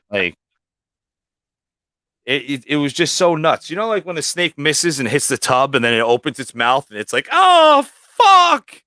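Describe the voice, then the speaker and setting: A man's voice: mid-range voice, moderate pace, long pauses, dry recording, studio quality. A man chatting casually on a livestream about breeding snakes, swearing freely and acting out what he and his snakes said. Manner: profane storyteller, acts out quotes loudly. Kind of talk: casual chat.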